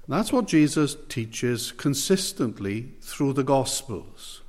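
Emphatic preacher in a reverberant hall. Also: male voice, mid-range voice, sing-song. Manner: emphatic, slows down to stress key phrases. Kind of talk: sermon.

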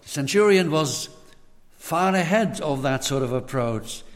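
A man's voice: fairly high pitch, expressive, measured pace. A man preaching a sermon in an earnest tone, repeating words as he presses his points. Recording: hall reverb.

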